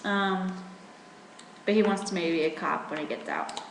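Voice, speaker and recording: A woman's voice: on the low side, normal speed, gravelly, roomy sound, long reverb tail, slight background noise, rough recording. A young woman from rural in her twenties, chatting casually in a rambling vlog at home with lots of fillers. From rural Virginia. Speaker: vlogger.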